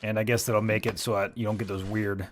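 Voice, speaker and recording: A man's voice: fairly low pitch, flat delivery, quick pace, slight background noise. A man hosting a game stream, chatting with friends on voice chat and explaining what to do, laughing often. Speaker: stream host and game player. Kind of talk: casual gaming chat.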